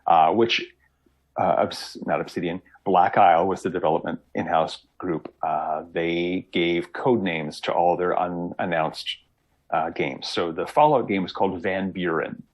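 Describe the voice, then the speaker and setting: A man talking as a guest on a casual podcast, telling lively stories and acting out quotes. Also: low-pitched, measured pace, dull audio. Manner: animated storyteller, acts out quotes. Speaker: guest game designer.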